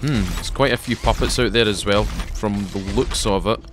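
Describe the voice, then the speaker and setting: Speaking at a moderate pace in a steady, lowish tone, a man hosts a let's play for his gaming channel. He's tired but keeps chatting, joking, and talking back to the enemies he faces, with background noise behind him.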